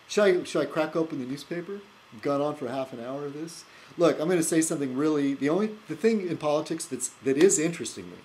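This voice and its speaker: Rambling man with a lively voice. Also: fairly high pitch, a little hiss or hum, low-quality recording. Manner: rambling, full of fillers and restarts; animated, laughs at his own jokes. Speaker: video blogger. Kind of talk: casual rambling monologue.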